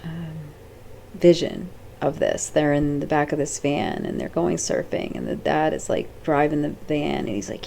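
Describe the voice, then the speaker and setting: A woman's voice: deep voice, moderate pace, vocal fry, warm tone, a little hiss or hum. A woman vlogger talking casually to viewers in a rambling, off-the-cuff way, with many fillers and restarts. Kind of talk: casual talk to camera.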